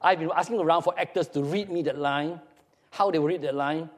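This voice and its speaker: A man's voice: fairly high pitch, brisk, long reverb tail. A man giving a literature lecture, emphatic, repeating himself and asking rhetorical questions.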